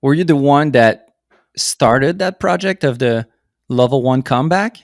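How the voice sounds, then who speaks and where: A man's voice: medium pitch, lively intonation, measured pace, no room sound, studio quality. A man hosting a podcast, asking loose, curious questions in casual chat. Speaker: podcast host.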